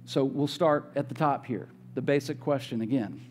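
A man's voice: mid-range voice, normal speed, a little mellow, faint music behind. A man preaching a sermon as pastor, talking in a conversational way and acting out the voices of biblical characters. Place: church.

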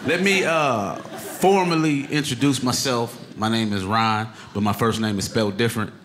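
A man doing stand-up comedy with an expressive, drawn-out delivery. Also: mid-range voice, background noise. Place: comedy club stage before an audience.

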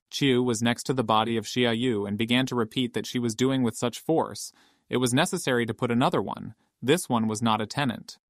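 A man reading a scripted story recap in a steady, matter-of-fact way. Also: mid-range voice, no room sound, studio quality. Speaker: recap narrator.

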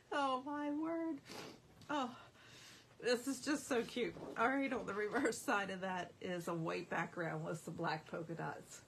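A woman's voice: mid-range voice, slow pace, pauses often, a little hiss or hum. A woman hosting a live craft stream, chatty and easily amused as she shows off patterned paper at home. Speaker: craft demonstrator. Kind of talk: live-stream product showing.

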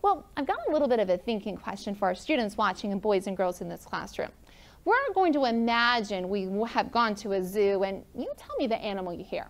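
A woman's voice: medium pitch, animated, brisk. A woman teaching a first grade classroom lesson, upbeat and encouraging as she calls on pupils by name. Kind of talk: classroom lesson for students and viewers.

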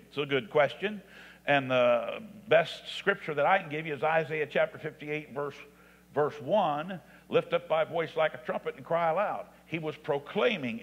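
A man, an assistant pastor, teaching a Bible class in an informal, halting way. He restarts his sentences often and grows louder and higher when he stresses scripture. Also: slightly rough. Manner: halting, with frequent restarts and fillers. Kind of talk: informal classroom lecture on preaching. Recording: long reverb of a large hall.

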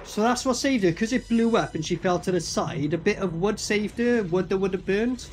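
A film reviewer giving casual, profane reaction commentary and acting out characters in quick asides. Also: mid-range voice, animated, heavy background noise.

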